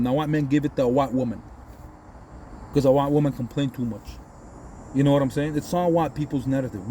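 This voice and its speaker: A man's voice: medium pitch, dark tone, slight background noise. A man from Egypt, a sports vlogger, delivering a heated, combative and profane post-game rant.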